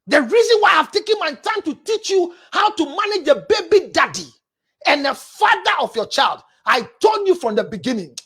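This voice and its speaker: High, lively Ghanaian woman counselor. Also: moderate pace. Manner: blunt, scolding, bursts into shouting. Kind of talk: scolding advice talk.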